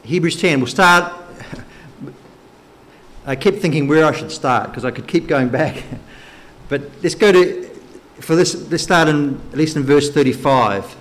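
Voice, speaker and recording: A man preaching a sermon, teaching slowly and emphatically through Bible verses. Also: on the high side, fairly bright tone. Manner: slow, emphatic Bible teaching with occasional light laughs.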